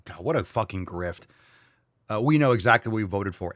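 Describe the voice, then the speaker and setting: A man's voice: lowish voice, expressive, brisk, no echo. Profane, ranting male commentary host. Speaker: podcast host. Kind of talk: heated political commentary.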